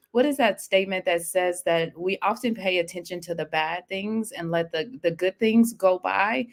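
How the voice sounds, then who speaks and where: A woman hosting a casual interview, affirming and reflective as she responds to her guest. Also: on the low side. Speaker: interviewer host.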